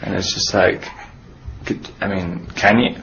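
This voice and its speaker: A man's voice: sits low, flat delivery, a little slow, a bit bright. A young man being interviewed, chatting casually and rambling, laughing often at himself. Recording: lo-fi with clear background noise.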